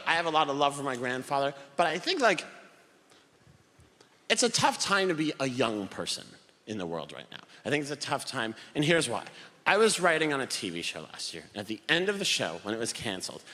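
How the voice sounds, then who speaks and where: A male stand-up comedian in his thirties tells stories with a lively, swooping delivery and a bright, forceful edge. He jumps into shouted put-on voices for punchlines. The set was recorded live on stage, with a long hall reverb and a faint hiss behind him. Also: medium pitch, a little fast. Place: theater stage before a laughing audience.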